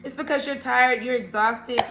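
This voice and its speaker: A woman's voice: on the high side, fairly even intonation, normal speed, background noise. A woman giving a casual tarot reading, chatty and laughing often, checking in with the listener. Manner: chatty, laughs often, keeps asking "okay?". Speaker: tarot reader. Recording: roomy echo.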